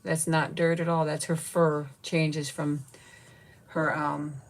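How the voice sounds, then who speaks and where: A woman's voice: deep voice, level tone, slow pace. A woman in her fifties hosting a casual live chat, cooing baby talk at her pet and thanking viewers by name. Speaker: channel host.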